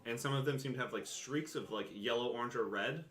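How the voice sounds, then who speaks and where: A man's voice: medium pitch, fast talker, fairly bright tone. A man acting as game master, describing a scene casually and laughing often. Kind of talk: narrating a tabletop game.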